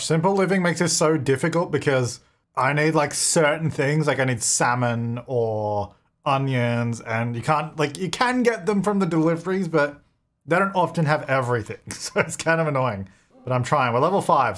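A man's voice: fairly high pitch, fairly bright tone. A man giving casual gameplay commentary, chatty, talking to his game characters and laughing often. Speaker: gaming video creator.

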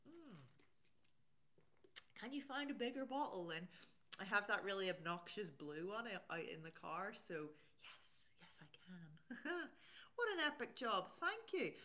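A woman's voice: medium pitch, big pitch swings, normal speed, pauses often, sharp tone. A woman hosting a casual live stream, chatting and reading out viewer comments. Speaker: livestream host.

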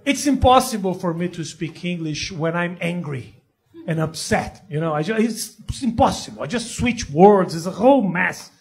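A man from Brazil with a Brazilian accent doing a deadpan stand-up routine in broken English on a comedy club stage. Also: high-pitched, moderate pace, vocal fry. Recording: loud crowd laughter and noise. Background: roaring audience.

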